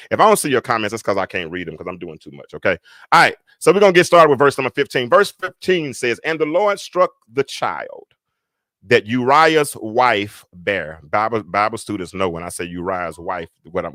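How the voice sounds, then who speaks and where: A man's voice: deep voice, no echo. Preaching man with dry close sound. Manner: swings between loud preaching and quiet muttered asides. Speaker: preacher and podcast host. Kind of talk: livestreamed Bible lesson, casual sermon. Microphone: computer mic on a livestream.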